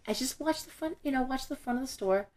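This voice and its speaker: A middle-aged woman, a shop owner, telling stories as an interview guest in an animated way, acting out the voices of the people in them. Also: sits high, quick pace. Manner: animated, acts out quoted voices when telling a story. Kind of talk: casual storytelling in an interview.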